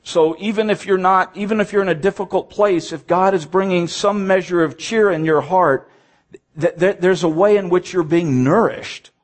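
A man's voice: high voice, normal speed. A man preaching a sermon, reading scripture aloud and stressing points by repeating them.

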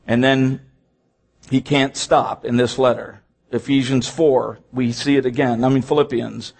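A man's voice: mid-range voice, steady tone, unhurried, vocal fry, darkish tone, husky. A man preaching a sermon, reading scripture aloud and stressing points by repeating them.

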